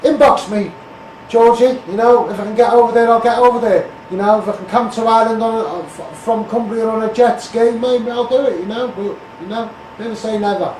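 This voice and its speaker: Scouse fella going off on a political rant, fairly high voice, kinda far from the mic, echoey. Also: male voice, fairly even intonation, a little fast, darkish tone, a little hiss or hum. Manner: blunt, repetitive, calls people out by name and asks "mate". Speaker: street campaigner. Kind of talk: ranting political monologue. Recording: roomy sound from a distance.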